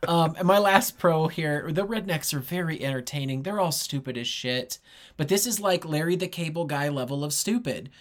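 A man's voice: fairly high pitch, normal speed. Blunt joking podcast man. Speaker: podcast co-host. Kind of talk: casual chat.

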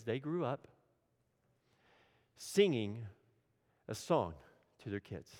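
A man preaching a sermon with dramatic swings between urgent, loud lines and hushed, low ones, repeating phrases for emphasis. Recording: long hall reverb.

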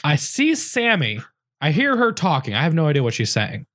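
A man in casual chat recounting a night he barely remembers, halting and repeating himself as he goes. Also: on the high side, wildly swooping pitch, fairly bright tone. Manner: halting, repeats words, self-deprecating. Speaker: podcast co-host.

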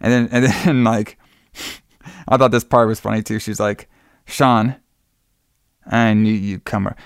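Man, casual movie recap, rambling and profane, smooth clear voice, dry close sound. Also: fairly low pitch, flat delivery, a little slow, no room sound. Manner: rambling, profane, acts out quotes with laughs. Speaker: podcast co-host recapping a movie.

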